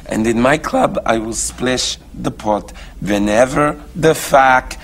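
An actor playing a menacing Russian underground poker boss with an exaggerated Russian accent, from a film. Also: male voice, mid-range voice, fairly bright tone, slight background noise. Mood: taunting. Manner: slow, gravelly taunting.

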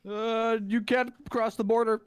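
A man's voice: very high voice, level tone, a little slow, smooth, dry recording. A man joining a live gameplay stream as a guest, laid-back and joking in casual banter. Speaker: guest co-player.

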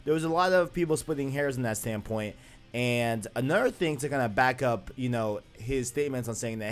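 A man's voice: medium pitch, brisk. A man hosting a casual gaming news video, chatting loosely with many fillers and restarts.

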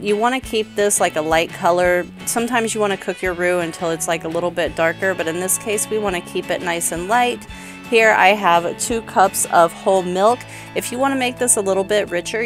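A woman in her thirties gives a recipe voice-over at a middle pitch. She explains each step in a relaxed, practical way. Faint music sits behind her. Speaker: cooking channel host.

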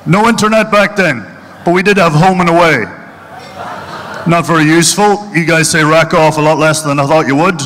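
A man's voice: on the high side, fairly quick, a bit bright, in a large hall. A middle-aged Irishman doing live stand-up on stage, punchy and mocking as he tells his stories. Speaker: stand-up comedian. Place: stage at a charity event hall.

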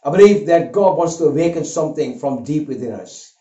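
An older man preaching a sermon, an earnest and animated storyteller who weaves a personal story into his message. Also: a little high, fairly quick. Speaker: pastor. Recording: roomy, dull lo-fi sound.

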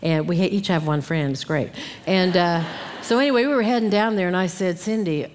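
Speaking at a moderate pace with medium pitch and lively intonation, a middle-aged woman teaches earnestly from the Bible at a conference. She acts out grumbling asides, and the church hall adds a long reverb.

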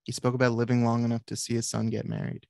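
Author reading, male, flat and gravelly, dry close sound. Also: mid-range voice, no room sound. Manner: measured, with brief asides to the audience. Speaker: author and psychiatrist. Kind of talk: reading aloud from his book.

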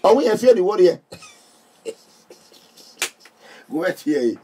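Slow and high-pitched, a middle-aged Nigerian man chats and jokes casually with his viewers as a vlogger. He's animated and laughs often, and the recording has slight background noise with his voice distant from the mic.

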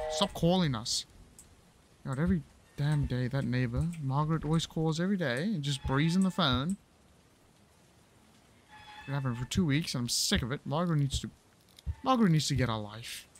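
A man's voice: mid-range voice, slight background noise. A man giving crude, profane and joking commentary as he plays through a horror game, talking to himself with silly mocking asides. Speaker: gaming channel host.

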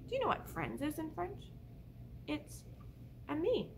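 High-voiced woman, gentle sing-song. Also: very animated, moderate pace, pauses often, music in the background. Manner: gentle, sing-song, speaks to a baby puppet. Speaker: children's librarian. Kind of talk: baby storytime with songs and rhymes. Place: indoors, room at a library. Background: light ukulele accompaniment.

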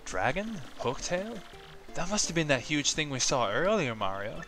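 A man's voice: a little high, very animated, moderate pace, pushed and bright, faint music behind. A man voicing a sassy young female mushroom creature in a video game, snarky and blunt.

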